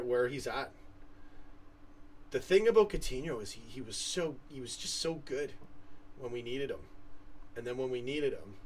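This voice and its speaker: A man's voice: a little high, recorded from a distance. A young man from Canada hosting a casual live stream, rambling as he reads viewers' comments from home. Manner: rambling, chatty, trails off and restarts. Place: home room with a computer fan humming.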